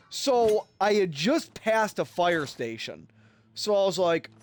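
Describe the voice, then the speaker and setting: A man streaming a game and telling a rambling, profane story in a casual, animated way. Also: high voice, slow pace, a little hiss or hum. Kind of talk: casual storytelling while gaming.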